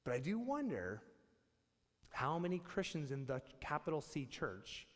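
A man preaching a sermon as the pastor, telling a story in an animated, humorous way. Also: mid-range voice, long reverb tail.

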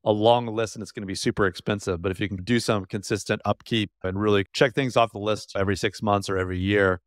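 A man co-hosting a podcast who talks quickly and agreeably, picking up his partner's points. His voice is on the low side. The recording is dry and close. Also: fairly even intonation, no echo. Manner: quick, agreeable, builds on the other host's points. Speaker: podcast co-host, podiatrist. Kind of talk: casual podcast chat.

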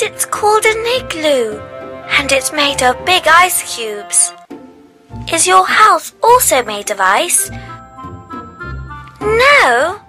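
Preschool cartoon: chatty, lively, very slow little character with soft music behind. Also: female voice, high voice, exaggerated voice. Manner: sing-song, slow, addressing a child viewer. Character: cheerful toy character Emma, chatty female.

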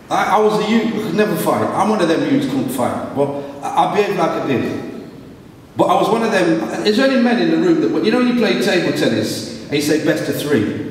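Heard from a distance in an echoey hall with a little hiss or hum, this middle-aged man has a slightly high voice. As a guest speaker at a live event, he tells funny stories to the crowd in an animated way, performing different voices.

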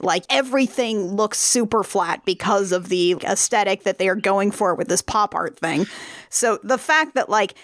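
A woman with a mid-pitched voice recorded dry and close talks eagerly about a film on a casual podcast. She drifts happily into asides and references. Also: dry recording. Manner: enthusiastic, fond of film references.

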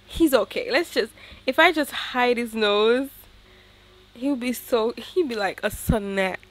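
A woman's voice: a little high, unhurried. Chatty woman narrating her game. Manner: chatty, excitable, talks straight to viewers. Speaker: gaming YouTuber. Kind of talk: casual gameplay commentary.

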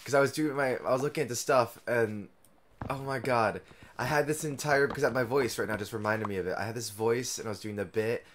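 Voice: medium pitch, fairly quick, slight background noise. A livestreamer chatting casually while playing a building game, teasing a friend, laughing often and slipping into dramatic outbursts. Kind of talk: casual gaming chat.

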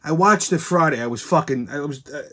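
A man's voice: on the high side, a little fast, pushed and bright. A man hosting his show, ranting bluntly and crudely about a movie with constant swearing. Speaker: show host. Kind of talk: profane movie rant.

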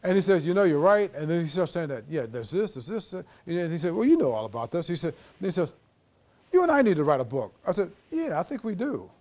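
A man's voice: a little high, sing-song, fast talker, a little mellow. A middle-aged man giving a storytelling lecture to students as a guest author, acting out quoted dialogue. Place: lecture hall.

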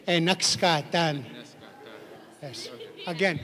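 Unhurried and high-pitched, with a slightly bright quality and long pauses, a man teaches a language class. He guides the group through repeating a greeting, chuckles often, and keeps encouragingly pushing them to be louder. A long hall reverb colors the sound.

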